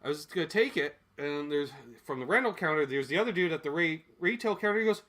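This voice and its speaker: Man, from Canada, casual gear unboxing, rambling and jokey, swears, lively swinging pitch, bright forceful tone. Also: quick pace. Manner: rambling, jokey, swears freely, voices quoted people. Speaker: gear vlogger.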